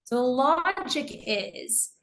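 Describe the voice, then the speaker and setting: A woman's voice: high-pitched, expressive, slow pace, fairly bright tone. An American woman teaching an online English class, explaining terms patiently with examples and reading out students' answers.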